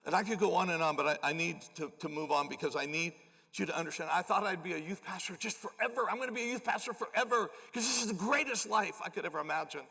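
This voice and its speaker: Gravelly pastor in a reverberant church. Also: male voice, high-pitched, fast talker. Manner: animated, self-deprecating storyteller. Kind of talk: storytelling sermon. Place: large church auditorium. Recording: long church hall reverb.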